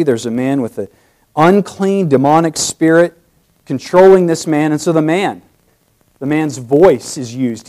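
Animated male preacher. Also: fairly high pitch. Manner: animated, swings between quiet explanation and loud emphasis. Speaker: pastor. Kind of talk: expository sermon.

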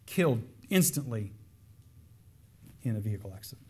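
A man preaching a sermon, earnest, dropping to hushed lines and then rising into raised, pleading emphasis. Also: fairly low pitch, big pitch swings, moderate pace, slightly rough.

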